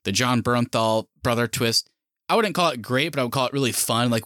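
A man hosting a casual movie discussion podcast, talking in a lively way with quick asides and jokes. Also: mid-range voice, no room sound, clean studio sound. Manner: lively, animated, quick asides and joking put-on voices. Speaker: podcast host.

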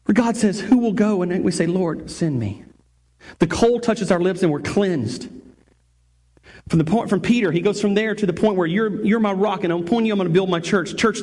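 A male pastor delivers a sermon to his church in a high, carrying voice. He preaches emphatically, circling back to repeat key phrases and restarting sentences as he builds his point. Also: a little mellow, husky.

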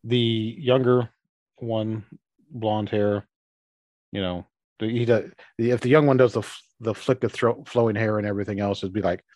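A man narrating as game master for a tabletop game, halting and restarting his phrases as he describes scenes and voices characters. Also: on the low side, fairly even intonation, a little mellow, dry recording.

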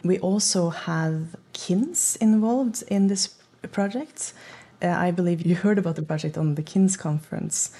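A woman's voice: on the low side, measured pace, dark tone, slightly rough. A woman, a project manager being interviewed, speaking thoughtfully with many restarts. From Norway. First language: Norwegian. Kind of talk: interview talk.

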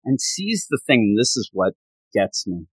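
A man co-hosting a casual chat about a manga, animated and acting out characters' lines. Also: mid-range voice, moderate pace, husky, no echo, low-quality recording. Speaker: podcast co-host.

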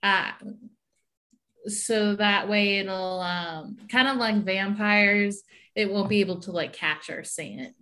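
A woman's voice: mid-range voice, takes it slowly, sharp tone. A woman voicing a tall, shy horned female ranger who speaks hesitantly and apologetically. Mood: explaining.

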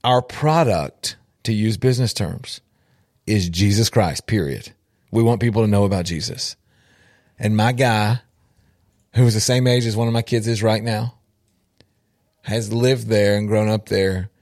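A man's voice: fairly low pitch, a little slow, long pauses, a little mellow, dry recording, studio quality. A man, an outreach minister telling a story with emphatic repetition and direct appeals to listeners. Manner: emphatic, repeats for effect, addresses listeners directly. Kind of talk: storytelling testimony.

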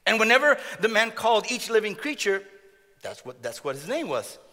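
High bright-voiced male pastor. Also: sing-song, fairly quick, long reverb tail. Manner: jokey, often repeats words, laughs at own jokes. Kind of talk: sermon.

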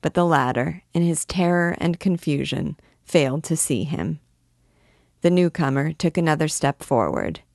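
A woman with a low, dusky voice reads a classic novel aloud in a measured, unhurried way. She gives each character only a light touch of voice. The sound is dry and close, with no room around it. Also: animated, gravelly, darkish tone, no echo. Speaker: audiobook narrator. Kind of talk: scripted narration of a classic novel.

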